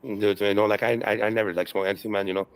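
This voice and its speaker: A man's voice: fairly low pitch, little pitch movement, rapid-fire, no room sound, poor audio. A man ranting on a livestream, profane and repetitive, with many fillers and constant "okay"s. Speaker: streamer in a replayed stream clip. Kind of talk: rambling livestream rant.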